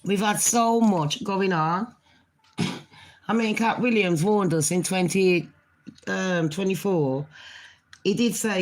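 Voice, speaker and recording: A woman's voice: mid-range voice, takes it slowly, pauses often. A middle-aged woman, chatting casually to her viewers in a rambling, cheeky way while she has a cold and a cough. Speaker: vlogger. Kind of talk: casual rambling chat to camera.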